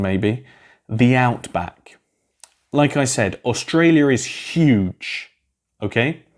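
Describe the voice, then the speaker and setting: A man's voice: fairly low pitch, darkish tone. A man giving a recorded English lesson to a class, explaining vocabulary in a chatty way with asides and questions to his students. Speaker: English teacher. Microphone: solo recording for a class video.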